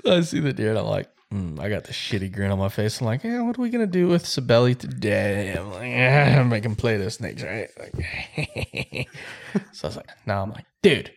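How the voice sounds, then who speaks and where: Man, casual animated storyteller, garage podcast chat, laughs a lot. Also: fairly low pitch, moderate pace, gravelly. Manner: animated storyteller, acts out quotes, laughs often. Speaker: podcast co-host.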